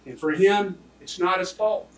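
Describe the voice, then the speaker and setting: A man delivers a prosecutor's closing argument, speaking emphatically and swinging between loud declarations and hushed near-whispers. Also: high-pitched, a little slow. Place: courtroom. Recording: echoey courtroom audio from far off.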